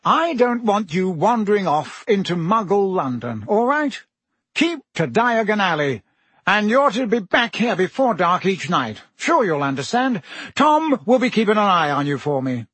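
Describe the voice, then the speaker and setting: A man reading aloud puts on a blustering middle-aged wizard minister from a storybook, hearty and bluff but evasive. His voice is pitched well above the reader's own and pushed louder, with a husky edge. The sound is dry and close. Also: big pitch swings, normal speed, no echo, exaggerated voice.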